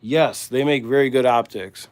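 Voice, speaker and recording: A man's voice: medium pitch, normal speed, darkish tone, slight background noise. A man with a Midwestern accent, hosting a livestream and chatting casually while he works, in a rambling, laid-back way. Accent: Midwestern American. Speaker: livestream host. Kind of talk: casual livestream chat while working on a task.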